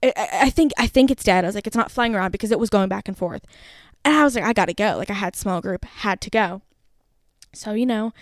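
A young woman in her twenties hosting a podcast, telling a story in a lively rush full of fillers. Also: medium pitch, no echo, studio quality. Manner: animated, breathless, full of "like" fillers. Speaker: podcast host. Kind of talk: casual storytelling.

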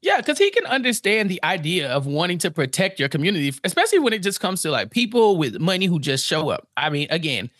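Lively, high-pitched man riffing and laughing. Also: fast, few pauses, dry recording, studio quality. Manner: animated, laughing, acts out quotes in voices. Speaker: podcast co-host. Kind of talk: casual recap chat.

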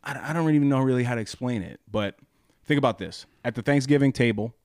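A young man co-hosting a podcast, talking earnestly in a halting way with many restarts. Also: medium pitch, a little mellow, no echo, studio quality. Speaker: podcast co-host. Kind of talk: casual chat.

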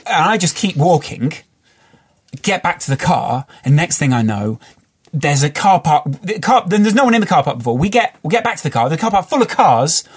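A man's voice: fairly high pitch, big pitch swings, a little fast, husky. A man from the English Midlands telling a rambling, sweary story in a casual podcast chat. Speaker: podcast guest.

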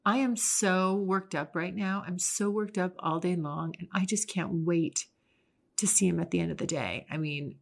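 Frank, chatty woman, lowish voice. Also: fairly even intonation, moderate pace, vocal fry. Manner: frank, chatty, with frequent restarts. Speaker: podcast host. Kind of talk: casual solo monologue.

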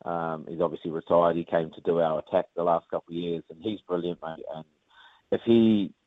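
A man's voice: sits low, flat delivery, a little fast, no room sound. A man with a New Zealand accent, a rugby player chatting casually in an interview, rambling with lots of fillers and calling the host mate. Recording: phone-line audio.

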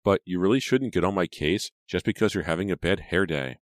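A man's voice: sits low, animated, a little fast, no room sound, studio quality. A man voicing a sneering teenage shop girl. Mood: scornful. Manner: sarcastic, dismissive. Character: scornful rude teenage girl shop clerk. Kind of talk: audiobook character reading.

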